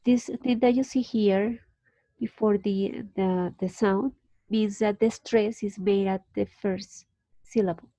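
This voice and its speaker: A woman's voice: mid-range voice, fairly even intonation, warm tone, no echo. Colombian woman teaching English, patient. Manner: patient, explains slowly with restarts. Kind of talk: online class explanation.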